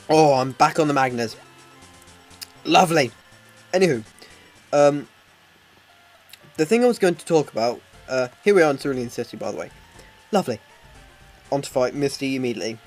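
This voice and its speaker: A man giving casual, rambling commentary over a video game, with self-deprecating humor. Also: medium pitch. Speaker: Let's Play commentator.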